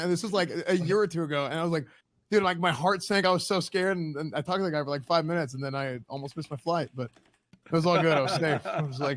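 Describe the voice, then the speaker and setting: Fast-talking, excitable man on a call. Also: fairly high pitch. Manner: excitable, rapid storytelling. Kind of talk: casual podcast chat. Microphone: remote call.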